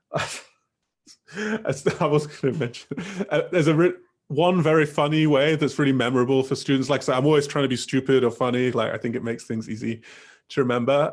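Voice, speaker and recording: A young man leads a teacher-training workshop over a video call in a loose, chatty way. He rambles and piles up fillers like "um" and "like" as he goes. His pitch sits in an ordinary middle range. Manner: casual, rambling, many fillers. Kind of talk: online workshop talk.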